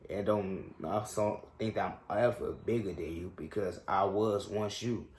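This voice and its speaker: A young man in his twenties with a somewhat low voice tells a personal story on his sports show. He talks casually and reflectively in loose slang, with plenty of fillers. The recording has a noticeable echo from the room. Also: measured pace, a little mellow, a little hiss or hum.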